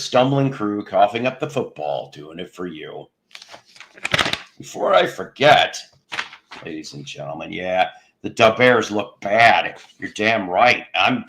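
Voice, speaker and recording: Gravelly yet fairly bright, his mid-range voice carries a loose, jokey livestream chat with viewers. The host wanders from topic to topic, landing crude jokes and cracking himself up.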